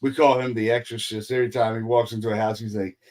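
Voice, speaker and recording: A man in casual podcast chat, a paranormal investigator telling profane, animated stories and acting out quotes. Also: mid-range voice, quick pace.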